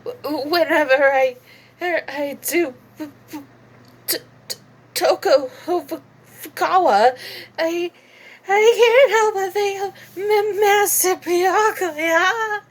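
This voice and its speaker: A woman's voice: very high voice, slow, pauses often, voice pushed up. A woman voicing a stuttering, obsessive teenage girl writer who stammers breathlessly over the one she adores. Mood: flustered, adoring. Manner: heavy stutter, breathless and fawning.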